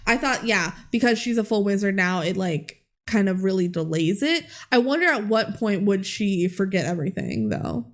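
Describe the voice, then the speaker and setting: A woman's voice: medium pitch, normal speed. A young adult woman co-hosting a podcast, chatting casually and animatedly as she recaps a movie. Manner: animated, giggly, retells scenes in quoted voices. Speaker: podcast co-host.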